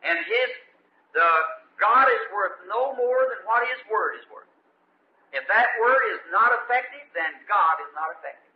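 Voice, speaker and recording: A man preaching a sermon in a folksy storytelling way, his voice swinging from loud to low, heard on an old tape recording from a church hall. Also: expressive, normal speed, muffled recording, a little hiss or hum. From United States.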